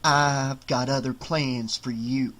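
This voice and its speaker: A man voicing a sneering, menacing killer doll in an audiobook, with slow, snarling threats. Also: medium pitch, steady tone, a bit bright.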